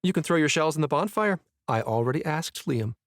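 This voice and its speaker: A man's voice: fairly high pitch, expressive, fairly quick, no echo, clean studio sound, voice pushed up. A male narrator voicing a cheerful young woman in an audiobook, in a light, friendly tone. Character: young woman Maddie, cheerful family member.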